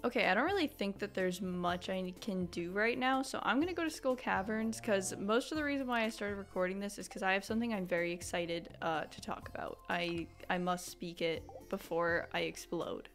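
A young woman giving casual, excitable let's-play commentary, dramatic and prone to shrieking outbursts. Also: mid-range voice, brisk, few pauses, faint music behind. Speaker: gaming YouTuber.

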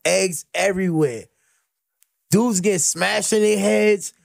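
A middle-aged man spins wild road-trip stories with a high, gravelly voice. He laughs often and jumps into quick impressions of the people in his tales. The sound is close and dry, with no room around it. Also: no room sound. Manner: lively, laughing, slips into voices of people he quotes. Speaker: podcast guest, former streetball player. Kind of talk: animated storytelling.

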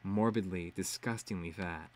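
A man's voice: mid-range voice, sing-song, brisk, voice pushed up, close to an everyday voice. A man voicing a spiteful teenage girl healer who whispers menacing threats in a read-aloud web serial. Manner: hushed, menacing.

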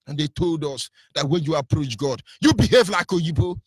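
A man's voice: a little high, animated, normal speed, darkish tone, slightly rough, no room sound, clean studio sound. A man with a Nigerian accent giving an impassioned, preacherly radio talk, fiery and defiant. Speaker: radio broadcaster.

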